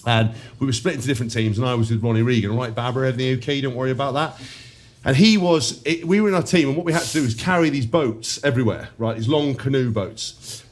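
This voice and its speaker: A man's voice: mid-range voice, animated, fast talker, few pauses. An English man co-hosting a podcast, telling a comic story to a studio audience, swearing and laughing through the punchlines. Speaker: podcast co-host.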